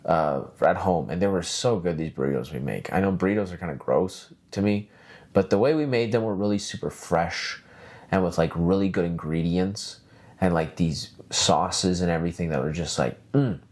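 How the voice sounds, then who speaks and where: A man hosting his own podcast, ranting in a profane, rambling, animated way. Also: low-pitched, moderate pace. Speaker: podcast host. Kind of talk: solo casual podcast rant.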